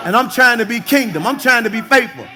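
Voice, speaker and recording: A man with a strikingly high voice preaches in a church sanctuary, speaking. He shouts, laughs and slips into the voices of husbands and wives to make his point. The congregation can be heard clearly around him. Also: quick pace, over music, crowd noise. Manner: animated, shouting and laughing with the congregation, acting out spouses. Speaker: pastor. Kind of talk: sermon. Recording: live church service with congregation audible. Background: congregation responding.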